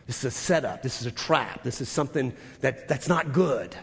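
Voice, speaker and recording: A man preaching a sermon as a pastor, retelling scripture with emphatic repetition and dropping to soft, intense moments. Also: mid-range voice, normal speed, gravelly, husky. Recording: long reverb of a large hall.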